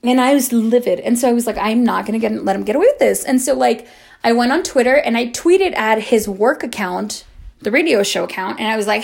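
A young woman rambles through a personal story in a loose, chatty way, filling her talk with "like" and the odd curse. Her voice sits a little high, with a gravelly fry at the ends of phrases. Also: a little fast. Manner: chatty, heavy use of "like", swearing, dramatic retelling. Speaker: amateur audio creator. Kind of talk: casual storytime monologue.

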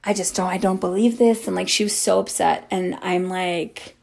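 A woman's voice: on the low side, steady tone, normal speed, vocal fry, a little mellow. A woman in her twenties telling a story in casual monologue, talking in a chatty way with lots of "like" and swearing. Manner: chatty, heavy use of "like", swearing, dramatic retelling. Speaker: amateur audio creator.

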